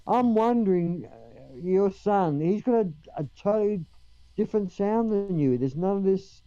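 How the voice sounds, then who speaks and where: A man's voice: high voice, lively intonation, normal speed, mellow, dry recording. A man hosting a casual chat, teasing and asking a child questions. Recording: dull, dry sound.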